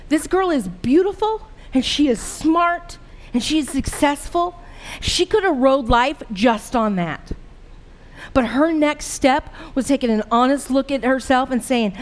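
A woman's voice: high-pitched, expressive, normal speed. A middle-aged woman pastor giving a sermon in an earnest, conversational way, full of rhetorical questions.

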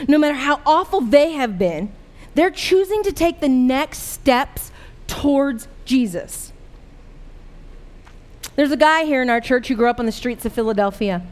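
A middle-aged woman pastor giving a sermon in an earnest, conversational way, full of rhetorical questions. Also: on the high side.

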